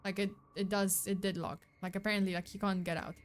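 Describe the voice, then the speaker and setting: A woman hosting a stream talks in a loose, rambling way. She keeps correcting herself and filling pauses while she comments on clips, at an ordinary middle pitch. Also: flat delivery. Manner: rambling, lots of fillers and self-corrections. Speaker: streamer host. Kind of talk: casual commentary on videos.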